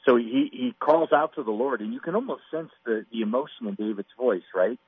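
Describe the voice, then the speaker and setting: A man's voice: medium pitch, a little fast, husky, no room sound. A middle-aged man, a father, teaching from the Bible in an earnest, emphatic conversational way on a radio program. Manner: earnest, emphatic, acts out quoted pleas. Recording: dry, phone-like radio sound.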